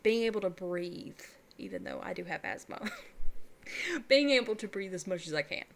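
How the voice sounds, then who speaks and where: A woman's voice: fairly low pitch, expressive, a little fast, a little hiss or hum. A young adult woman vlogging alone in casual, rambling, candid chat, laughing often and calling herself weird.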